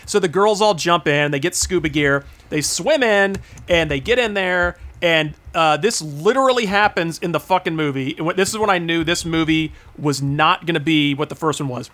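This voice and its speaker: A man hosting a podcast, chatting casually about a movie, animated and mocking, acting out lines from it. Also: a little fast, hardly any pauses. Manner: animated, mocking, acts out quotes in a high voice. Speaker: podcast host.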